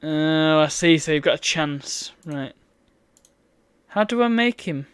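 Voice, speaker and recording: A woman talks her way through a game on a live stream. Her voice sits a little low but swings widely, and she breaks into exasperated outbursts at the game. The sound is dry and close. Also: lively intonation, slow pace, smooth, dry recording. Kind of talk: live gameplay commentary.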